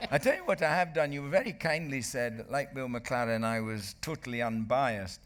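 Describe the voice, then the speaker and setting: An older man, a rugby commentator and author, telling anecdotes to a live audience as a festival guest, lively and chuckling. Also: mid-range voice, moderate pace. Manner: lively raconteur, chuckling, bursts into re-enacted commentary. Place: book festival stage.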